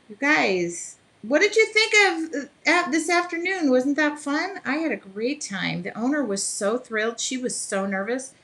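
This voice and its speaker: An American woman from the Midwest, hosting a casual live stream while she paints, chatting with viewers, laughing often and breaking into bits of song. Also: fairly high pitch. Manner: chatty, laughs often, sings snatches of songs; reads viewer comments aloud.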